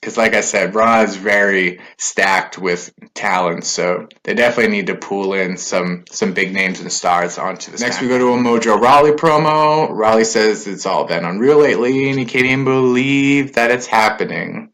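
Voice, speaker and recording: A man's voice: on the low side, normal speed, hardly any pauses, fairly bright tone. A man giving a casual spoken recap of a wrestling show, loose and conversational with filler words and asides.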